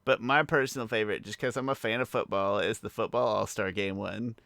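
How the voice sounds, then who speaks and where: A man's voice: on the low side, fairly even intonation, brisk, vocal fry, a bit bright, dry recording, studio quality. A man co-hosting a podcast in casual chat, giving laid-back, wry commentary. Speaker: podcast co-host.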